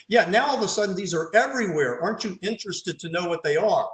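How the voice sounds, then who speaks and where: A man's voice: sits high, lively intonation, fast talker, fairly bright tone. A man, a pathologist, leads an online case conference over slides, quizzing his audience and adding dry, sarcastic asides. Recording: roomy echo.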